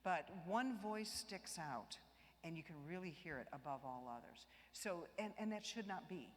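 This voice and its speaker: A woman choir director leading a live vocal warm-up workshop, demonstrating exercises by singing and encouraging the group with light jokes. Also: on the low side, animated, moderate pace. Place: large church. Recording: long church reverb.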